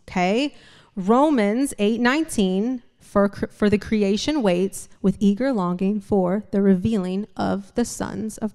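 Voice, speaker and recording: A woman preaching a sermon to a congregation, emphatic and repeatedly checking in with the room by asking "right?" and "okay?". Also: mid-range voice. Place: church sanctuary before a congregation. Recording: long hall reverb.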